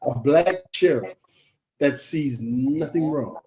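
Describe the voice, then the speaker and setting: A man hosting a casual chat podcast, telling stories in an animated way and acting out voices. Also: fairly high pitch, slow pace, background noise. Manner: animated storyteller, acts out voices. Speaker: podcast host.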